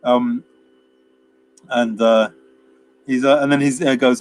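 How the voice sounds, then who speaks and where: A man's voice: medium pitch, steady tone, slow, pauses often, a little hiss or hum. A man, co-hosting a casual film review chat, rambling through scenes with quoted lines and frequent laughs. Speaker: podcast co-host.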